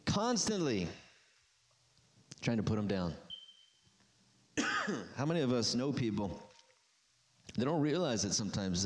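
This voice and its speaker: A man reading scripture aloud and preaching a sermon, his voice climbing high and loud at emphatic peaks. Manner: emphatic, rising to near-shouted peaks when stirred.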